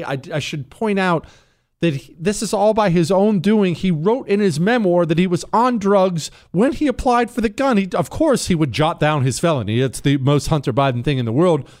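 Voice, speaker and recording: A man's voice: fairly high pitch, darkish tone. A man hosting a talk show, speaking in a heated, emphatic and mocking way. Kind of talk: opinionated political talk.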